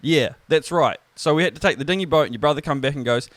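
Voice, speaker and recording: A young New Zealand man co-hosting a podcast, telling a story in a relaxed, joking, sweary way. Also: on the high side, quick pace, dry recording. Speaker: podcast co-host. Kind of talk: casual storytelling chat.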